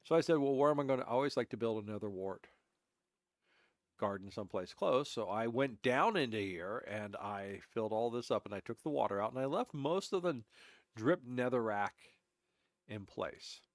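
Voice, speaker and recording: A man's voice: fairly low pitch, lively intonation, moderate pace, dry recording, clean studio sound. A man streaming a game, congested and stuffy-voiced from allergies, giving a rambling, self-correcting walkthrough of his builds. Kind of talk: casual gameplay commentary.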